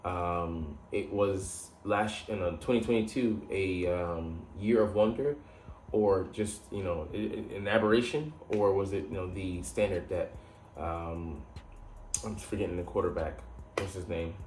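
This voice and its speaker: A man with a somewhat low voice runs through a casual football breakdown, rambling and full of fillers and restarts. The recording sounds roomy and echoey, with a faint hum of background noise behind it. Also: a little slow, a little mellow. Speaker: podcast host. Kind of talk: casual sports analysis monologue.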